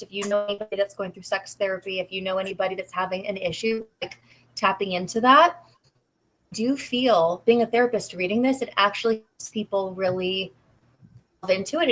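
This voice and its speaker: A woman's voice: medium pitch, a bit bright, slight background noise, low-quality recording. A woman in her forties speaking with an English accent, a voice actress chatting candidly and emotionally as a guest. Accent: English accent, adopted. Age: 40s. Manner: earnest, emotional, confessional. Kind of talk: candid live-stream chat.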